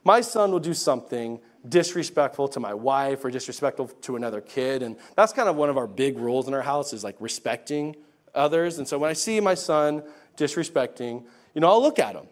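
A male pastor preaching a sermon in a chatty, animated way with laughing asides. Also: medium pitch, brisk.

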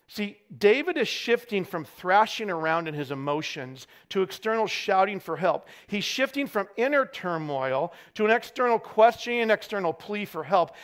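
A high-pitched man preaching to his congregation. He is animated and acts out desperate cries and little scenes of dialogue. He sounds middle-aged. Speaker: pastor. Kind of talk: sermon.

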